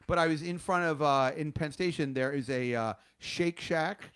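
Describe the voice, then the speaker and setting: A man, his voice sitting a little high for a man, tells stories in loose, foul-mouthed chat. He gets loud and animated whenever he quotes someone in a story. It's an easygoing podcast conversation. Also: normal speed, clear, resonant tone. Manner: profane storyteller, loud when he quotes people. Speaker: podcast host. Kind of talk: casual chat.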